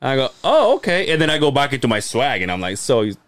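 A man's voice: mid-range voice, lively intonation, fast, fairly bright tone, clear, resonant tone, no echo. A man co-hosting a podcast, telling a long, crude story in a rambling way and laughing often. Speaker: podcast co-host. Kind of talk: casual storytelling chat.

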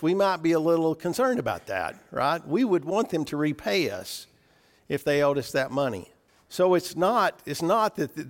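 Earnest preacher man, higher pitch. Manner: earnest, repeats and restarts phrases. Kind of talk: sermon.

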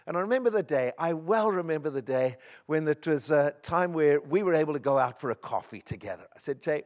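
A man's voice: fairly high pitch, a little mellow. A middle-aged man preaching a sermon, telling personal stories in an earnest, emphatic way. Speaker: pastor.

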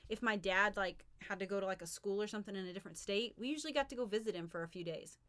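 Bubbly young woman, smooth clear voice. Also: mid-range voice, very fast, fairly bright tone. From Oklahoma, grew up in military bases. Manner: bubbly, laughs often, teasing. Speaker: podcast co-host. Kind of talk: casual podcast chat.

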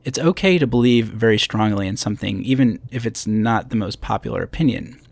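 Brisk and lively in intonation, this upstate New York podcaster in his thirties hosts alone from a hotel room, speaking into a podcast microphone with a pop screen. His voice sits on the low side with vocal fry, conversational and full of self-deprecating asides, recorded with no echo.

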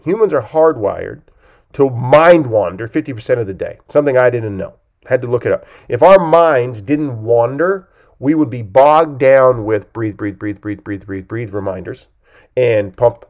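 A man who coaches, talking on a podcast in an emphatic way, with lively swings in pitch and loudness, often checking in with "okay?". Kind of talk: podcast talk.

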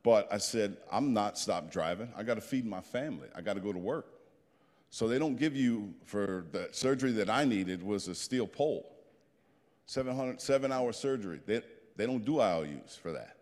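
A man in his fifties from New Jersey telling an animated, plain-spoken story as a guest speaker to a group. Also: on the low side, moderate pace, in a large hall. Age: 50s.

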